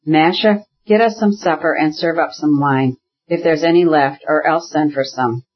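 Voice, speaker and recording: Man reading as a sickly irritable brother, abrupt and angry, fairly high voice, husky, dull lo-fi sound. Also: moderate pace, natural voice. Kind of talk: audiobook character reading.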